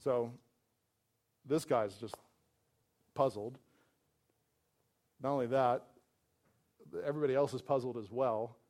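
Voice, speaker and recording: A man's voice: mid-range voice, steady tone, slow, pauses often, darkish tone. Casual, chatty male preacher. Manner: conversational, full of "like" fillers, acts out quoted voices. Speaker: pastor. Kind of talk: sermon.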